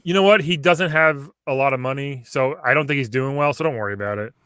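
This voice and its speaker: A man's voice: mid-range voice, quick pace, fairly bright tone, clear, resonant tone, no echo, studio quality. A man hosting a podcast, interviewing a comedy character in a casual, playful way and laughing along. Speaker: podcast host.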